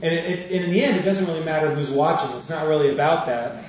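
A man's voice: on the high side, quick pace, slight background noise. A male minister giving a sermon as a conversational storyteller who laughs as he tells a personal story. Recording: echoey room from a distance.

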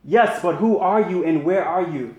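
A man's voice: high-pitched, normal speed, darkish tone, dull audio, natural voice. A man voicing a panicked man hanging from a cliff, pleading in a raised voice, in a roomy space. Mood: frantic.

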